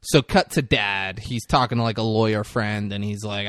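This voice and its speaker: A man's voice: on the low side, fairly bright tone, no room sound. A man co-hosting a podcast, casually retelling a film scene by scene, laughing often and acting out the characters' lines. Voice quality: laughs often, acts out lines in quick voices. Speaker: podcast co-host recapping a movie. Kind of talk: casual chat.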